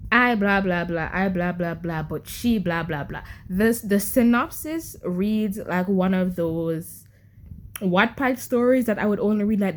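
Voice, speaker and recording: A woman's voice: fairly low pitch, darkish tone. Exasperated young woman vlogging about books. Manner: exasperated, stammering repeats, rhetorical questions to viewers. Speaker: book vlogger. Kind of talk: casual reading vlog to camera.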